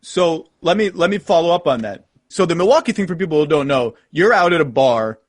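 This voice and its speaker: A man's voice: fairly high pitch, animated, a little fast, no echo, clean studio sound. A man hosting a podcast interview, asking eager follow-up questions. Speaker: podcast host. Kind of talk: conversational interview.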